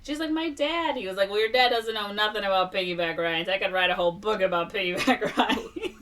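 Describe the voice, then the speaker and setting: A woman's voice: medium pitch, fast talker, fairly bright tone, distant mic. A young woman co-hosting a podcast, casually recapping a movie plot and acting out the characters' lines with lots of fillers. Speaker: podcast co-host.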